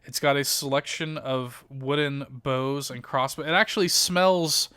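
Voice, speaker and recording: A man narrating a tabletop game as game master, descriptive and halting with frequent fillers. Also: mid-range voice, steady tone, bright, forceful tone, clean tone, dry recording.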